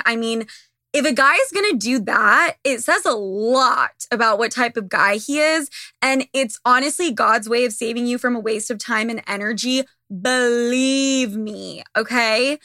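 A woman's voice: fairly high pitch, bright, forceful tone, dry recording, clean studio sound. A young woman hosting a podcast, ranting candidly and swearing freely in a casual monologue, her voice a little worn. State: slightly losing her voice. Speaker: podcast host.

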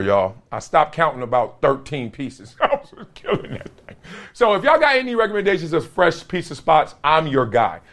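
A man's voice: high voice, a bit bright. A young adult man hosting a podcast in casual, slangy sports talk, laughing between jokes. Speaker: podcast host.

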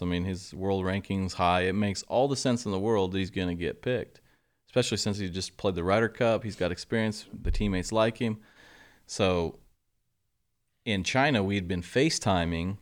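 A middle-aged man, a golf coach telling lively stories in an interview and acting out the quotes. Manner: animated storyteller, acts out quotes, drops to a low murmur for asides. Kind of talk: casual interview storytelling.

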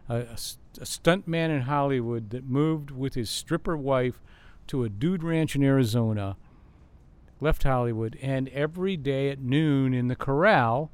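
A man's voice: mid-range voice, clear, resonant tone. An older man, a guest musician, telling long rambling stories in an interview outdoors in a backyard, full of fillers and restarts. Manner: rambling, animated storyteller with many fillers. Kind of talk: storytelling interview answers.

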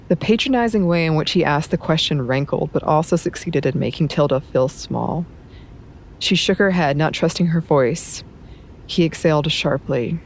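A woman narrating a novel in a measured, even storytelling manner. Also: deep voice, a little hiss or hum. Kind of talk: audiobook narration.

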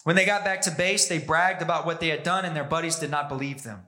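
A man preaching a sermon as pastor, emphatic, pushing his pitch and pace up and down for emphasis. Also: fairly even intonation, quick pace, pushed and bright.

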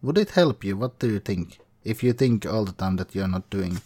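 A man hosting a podcast interview, offering short acknowledgements and asking gentle probing questions. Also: fairly low pitch, lively intonation, normal speed, slightly rough. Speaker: podcast host. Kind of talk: casual interview.

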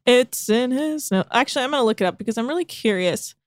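A woman's voice: a little high, lively intonation, fast, dry recording. A woman co-hosting a podcast, recapping a show in casual, crass chat and laughing often.

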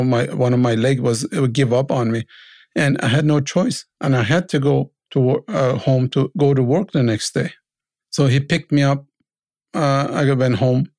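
Gravelly middle-aged man telling his story. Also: mid-range voice, a little mellow, no room sound. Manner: halting, repeats words, acts out quoted voices. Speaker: storyteller recalling his immigration. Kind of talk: casual spoken memoir.

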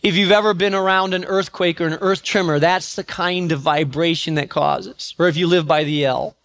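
A man preaching a sermon as pastor, building dramatically and rising to shouts on repeated refrains. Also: a little high, steady tone, normal speed, no echo.

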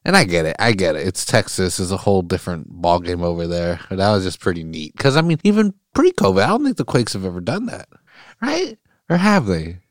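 A laid-back man hosts a casual solo sports podcast into a close mic, his voice on the low side. He talks in slangy, profane bursts and laughs often. The sound is dry and close, with no room around it. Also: sing-song, fairly quick, dry recording. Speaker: podcast host.

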